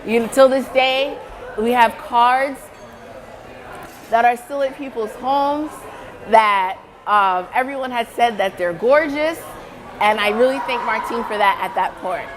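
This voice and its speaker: A woman's voice: fairly high pitch, unhurried, crowd noise, low-quality recording. A woman giving a casual testimonial, telling her story in a chatty way, acting out what people said and laughing often. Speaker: satisfied client giving a testimonial.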